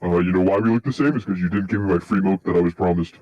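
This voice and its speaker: A young man playing a tabletop game, deadpan and insistent in his comic demands. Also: sits low, racing, no room sound, lo-fi sound, faint music behind. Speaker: player. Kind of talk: casual tabletop play.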